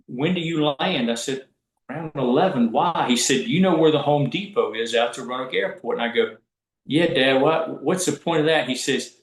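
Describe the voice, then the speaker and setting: This is a medium-pitched man speaking at a normal speed, captured with reverberant, poor audio. A college basketball referee from Southwest Virginia, he tells stories in a casual podcast conversation, animatedly imitating the voices of people he quotes.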